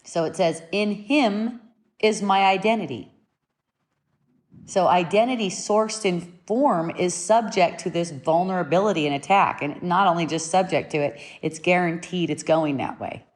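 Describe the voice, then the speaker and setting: Speaking in a lowish voice, a woman offers spiritual teaching without hurry, musing aloud. She circles back to restate her points and occasionally presses them with curt, emphatic instructions.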